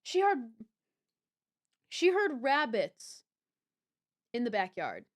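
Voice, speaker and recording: Young woman streamer, high and lively voice, unhurried, bubbly chatter with squealy hellos. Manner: bubbly, swings from mumbling to squealing greetings. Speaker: livestreamer. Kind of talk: casual live stream chat.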